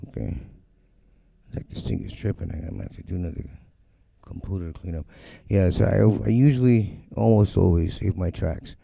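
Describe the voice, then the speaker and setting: A deep, gravelly voice at normal speed belongs to a middle-aged man ranting on a casual music livestream from his home studio. He's blunt, animated and profane, ridiculing others in quoted voices, and the recording is dry.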